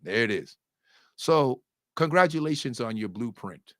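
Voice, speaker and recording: A man giving casual, opinionated commentary on boxing, animated, profane and joking, with sudden loud outbursts. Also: mid-range voice, measured pace, dry recording, studio quality.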